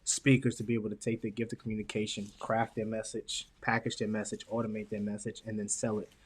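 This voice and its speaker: A young adult man, a podcast guest, talking in a casual, slangy, animated way and acting out voices as he tells stories. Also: lowish voice, quick pace, slight background noise. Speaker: podcast guest, professional speaker. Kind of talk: casual storytelling chat.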